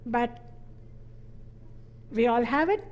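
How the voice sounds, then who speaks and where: Middle-aged woman from india giving a spiritual talk, slightly high voice, playful and bouncy, laughs a lot. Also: slow pace, highs cut off. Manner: playful and animated, laughing and leaping up in pitch for emphasis. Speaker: spiritual teacher.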